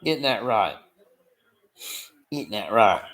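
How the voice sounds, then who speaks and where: A man's voice: fairly low pitch, lively intonation, slow pace, a bit bright. A man hosting a live watchalong from home, reading out chat comments in a rambling, folksy and profane way. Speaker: livestream watchalong host.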